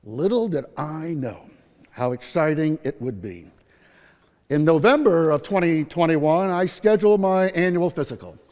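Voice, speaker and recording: A man's voice: fairly high pitch, lively intonation, moderate pace, a little mellow. A man in his sixties gives a personal story talk at a conference, upbeat and humorous, acting out quotes. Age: 60s. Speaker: patient speaker at a nursing conference. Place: conference hall. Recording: long hall reverb.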